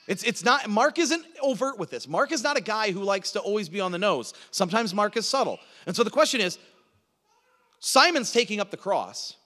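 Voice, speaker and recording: A man preaching a sermon, teaching through a Bible passage with emphatic delivery that swings from loud to hushed. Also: high voice, very animated, a little fast, long reverb tail.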